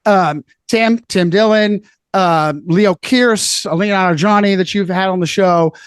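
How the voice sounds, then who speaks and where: A man's voice: high-pitched, a little slow, clean tone, no room sound. A man speaking as a podcast guest, emphatic and preachy, hammering his points by repeating phrases in casual chat.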